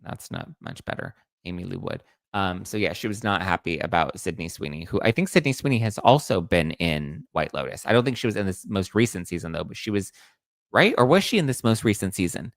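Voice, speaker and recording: A man's voice: deep voice, sing-song, fairly quick, vocal fry, no echo. A man hosting a casual pop-culture gossip show, snarky and chatty, acting out quotes in mocking voices. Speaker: entertainment news host.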